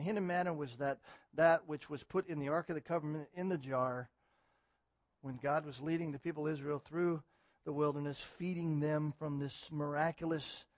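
High-voiced man preaching a sermon. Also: no echo, dull audio. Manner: swings from quiet teaching to loud emphatic exhortation; repetitive, emphatic preaching. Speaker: pastor.

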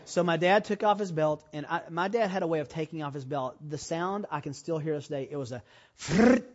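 A man preaching a sermon, telling a personal story and rising to loud, emphatic preaching. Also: fairly high pitch, fairly quick, lo-fi sound. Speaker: pastor.

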